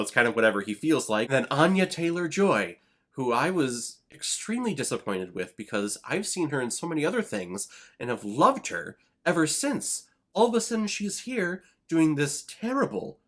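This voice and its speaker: A man hosting a movie review channel, talking casually with sarcastic asides. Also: mid-range voice. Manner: lively, quick conversational delivery. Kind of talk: casual film review commentary.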